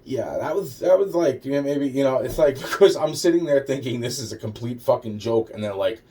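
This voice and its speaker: A man's voice: medium pitch, lively intonation, fairly quick, dark tone, recorded from a distance. A man telling a rambling, profane personal story with sarcastic asides.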